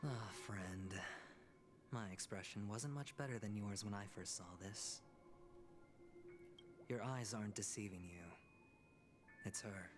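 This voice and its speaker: An actor playing a smooth-talking young male character in a video game, calm and familiar. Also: on the low side, unhurried, pauses often, over music, lightly acted.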